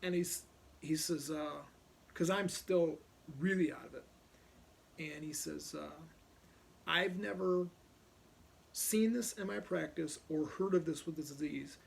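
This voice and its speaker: A man's voice: a little high, a little slow, gravelly, a little mellow. A man telling a personal story bluntly and profanely.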